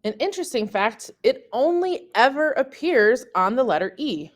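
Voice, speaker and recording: A woman narrating a scripted beginner lesson, explaining carefully and deliberately, with lively pitch jumps on the examples. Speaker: French teacher.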